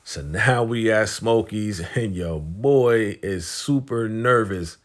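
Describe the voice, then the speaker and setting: Taking it slowly, a man with a very low voice gives a loose, slangy recap of a TV episode as its host. He paraphrases the characters' lines as if telling a friend what happened.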